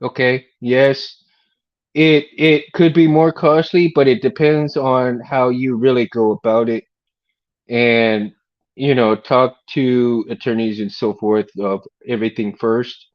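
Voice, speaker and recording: A man's voice: mid-range voice, steady tone, slow, highs cut off. A middle-aged man hosting a casual livestream, rambling in a laid-back way, laughing often and calling people "man" and "dude". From Texas. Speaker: livestream host.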